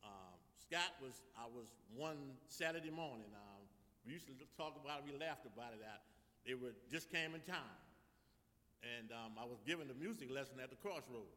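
Fervent New Orleans preacher, ringing hall. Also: male voice, medium pitch. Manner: halting restarts, then rising to fervent shouted exhortation. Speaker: reverend. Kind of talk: funeral tribute building into preaching. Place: church funeral service. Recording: long reverb in a large church.

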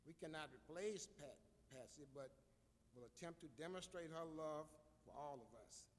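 A man's voice: a little high, normal speed. A man, a city clerk, formally reading a memorial resolution aloud at a funeral. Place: church funeral service. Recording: long hall reverb with faint room noise.

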